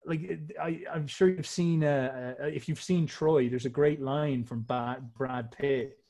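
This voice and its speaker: A man's voice: medium pitch, steady tone, unhurried, warm tone. A man explaining ideas in a rambling casual talk, swearing freely and restarting sentences often. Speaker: podcast host.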